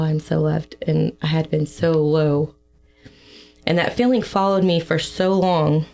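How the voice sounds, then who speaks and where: A young woman giving a personal testimony in a podcast interview, emotional and halting, with fillers and soft laughs. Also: low-pitched, vocal fry.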